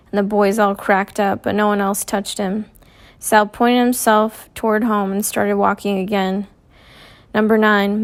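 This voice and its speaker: A woman reading a first-person novel aloud in a measured, clear storytelling manner. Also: mid-range voice. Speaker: audiobook reader.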